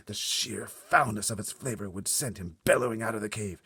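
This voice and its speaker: A man reads a children's book aloud in a deep, gravelly voice that swings widely in pitch. His tone is husky, and the sound is close and dry. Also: quick pace, no echo. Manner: expressive storytelling delivery. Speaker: storyteller.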